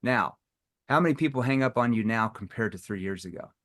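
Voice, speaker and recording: Animated male sales trainer. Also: mid-range voice, a little fast. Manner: animated, acts out phone calls with playful tones. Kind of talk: live sales training session.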